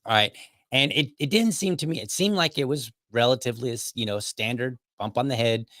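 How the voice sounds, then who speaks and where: A man's voice: mid-range voice, brisk, fairly bright tone, no echo. Rambling man telling a story, dry sound. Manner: rambling, many restarts and asides. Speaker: podcast host. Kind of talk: casual storytelling.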